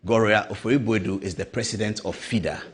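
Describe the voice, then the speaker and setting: A man's voice: lowish voice, fast, slight background noise. A middle-aged Ghanaian man hosting a show, telling stories with heavy emphasis and acting out the voices of other people. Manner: storytelling, acts out voices, emphatic. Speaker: show host. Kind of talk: animated political commentary.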